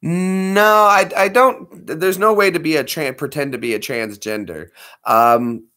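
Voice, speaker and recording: A man's voice: fairly high pitch, measured pace, pushed and bright. A man hosting a casual video, rambling and laughing as he chats between voice impressions. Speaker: video host.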